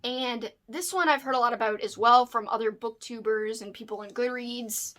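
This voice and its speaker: A bubbly woman vlogging from home, her voice a little high and full of excitement as she shows off new books. She keeps it casual and chatty, and often turns aside to talk to her dog. The sound comes straight from the camera's mic. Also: normal speed. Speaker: book vlogger. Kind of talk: casual unboxing chat to camera.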